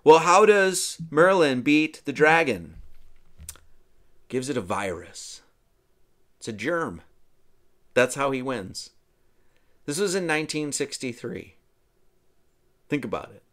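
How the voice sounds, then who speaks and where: A man's voice: on the high side, sing-song, slow, pauses often, a bit bright. A man hosting a podcast, casually walking through a film scene and thinking aloud with frequent restarts and asides. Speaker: podcast host.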